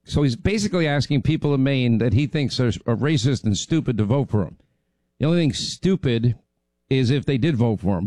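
A man getting over laryngitis rambles through a chatty talk radio segment, leaning on plenty of fillers. His mid-range voice is a little mellow, recorded without echo.

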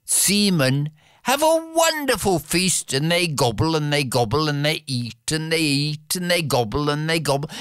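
Slow, lively-pitched fairy-tale storyteller. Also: smooth, no echo, clean studio sound. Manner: expressive, playful, repetitive rhythms.

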